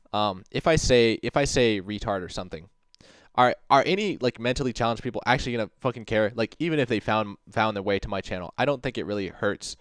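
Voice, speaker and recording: Reading out and answering chat, a male livestream host rambles casually, with "like" in nearly every phrase and free swearing. His lowish, smooth voice comes through in a dry, close recording.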